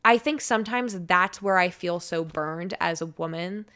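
A woman's voice: fairly low pitch, normal speed, pushed and bright, clean tone. A woman in her twenties, a radio personality guesting on a podcast, telling a personal story in a chatty way full of "like" and "um". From United States. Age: 20s. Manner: chatty, filler-heavy with frequent "like" and "um". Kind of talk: casual chat, personal storytelling.

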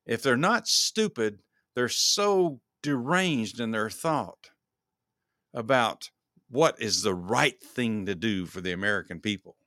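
A man's voice: mid-range voice, lively intonation, takes it slowly, pushed and bright, no room sound, clean studio sound. A man hosting his own podcast, giving solo political commentary in a heated, ranting way and repeating words as he works himself up. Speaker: podcast host.

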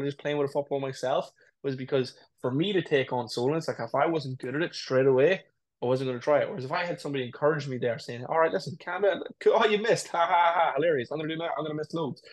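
A man co-hosts a casual podcast at a brisk clip. He talks reflectively, drawing on personal experience, and keeps circling back with "it's like, listen". His voice sits at an ordinary middle pitch. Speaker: podcast co-host. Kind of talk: casual chat.

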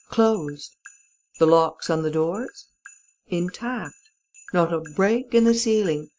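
Woman audiobook narrator, low voice, slow and measured delivery. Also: darkish tone, poor audio. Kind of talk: scripted narration of a classic novel.

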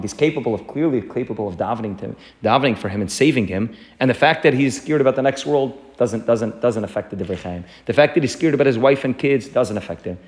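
Fast-talking man telling a lesson story. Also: mid-range voice. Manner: animated storyteller, repeats phrases, earnest. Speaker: Torah teacher.

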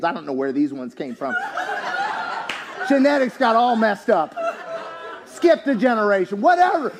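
A man preaching a sermon in a church, animated and joking, rising to shouts at his peaks. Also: sits high, normal speed, pauses often, some chatter behind. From US, town near country. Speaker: pastor.

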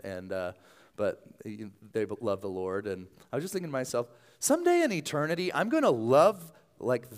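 A man preaching a sermon as pastor, earnest and conversational, often dropping to a soft low voice.

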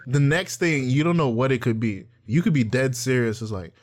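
A man's voice: medium pitch, moderate pace. A young man co-hosting a casual chat, telling profane stories with lots of laughter and acted-out quotes. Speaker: podcast co-host.

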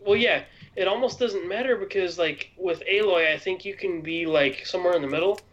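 A man's voice: high-pitched, fairly quick, a crowd in the background. Laid-back man chatting about games, lo-fi. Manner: laid-back, laughs often, lots of "like". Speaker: podcast co-host. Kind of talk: casual gaming chat.

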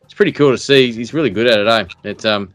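A man's voice: mid-range voice, fast, no room sound, faint music behind. A man with an Australian accent, co-hosting a podcast in rambling, jokey casual banter full of fillers and restarts. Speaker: podcast co-host.

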